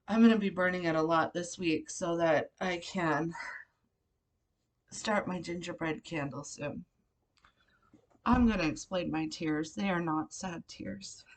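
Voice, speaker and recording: A woman's voice: fairly low pitch, far from the mic. Tearful woman vlogging from her bedroom. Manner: tearful, emotional, with soft whispered moments. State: crying. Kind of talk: personal faith vlog. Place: bedroom at home.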